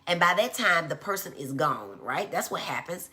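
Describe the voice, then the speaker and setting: A woman giving a conversational live-streamed educational talk. She acts out quoted speech in a high voice. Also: expressive, normal speed, sharp tone. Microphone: phone.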